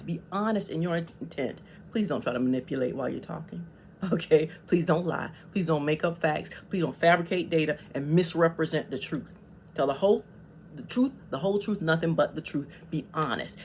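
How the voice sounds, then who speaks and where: Woman with a lower voice talking straight to camera, emphatic advice vlog, keeps saying okay, slight hiss behind. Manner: emphatic, repetitive, often checks in with "okay?". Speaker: advice vlogger. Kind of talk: casual advice monologue.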